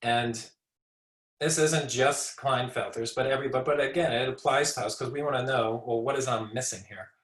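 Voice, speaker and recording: A man's voice: mid-range voice, fairly even intonation, brisk, fairly bright tone, reverberant, rough recording. A man in his forties, a speech pathologist, giving an informal educational talk in a conversational way, often restarting his words. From United States. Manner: conversational, repeats and restarts words, acts out short examples.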